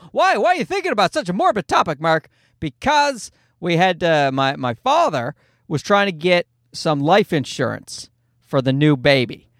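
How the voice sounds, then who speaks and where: A man hosting a solo comedy podcast, telling stories in an animated, swearing, voice-acting way. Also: a little high, dry recording, studio quality. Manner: animated storyteller, swears freely, acts out voices. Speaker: podcast host. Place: Toronto.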